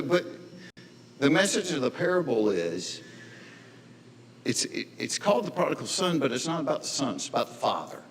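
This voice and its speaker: A comedian telling a story on stage to a live audience in a folksy, earnest, conversational way. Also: male voice, mid-range voice, in a large hall, a little hiss or hum, rough recording. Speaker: stand-up comedian.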